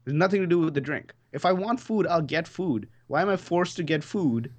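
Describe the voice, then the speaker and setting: Man ranting profanely, lively pitch. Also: a little fast. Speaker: podcast co-host. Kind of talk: casual comedic rant.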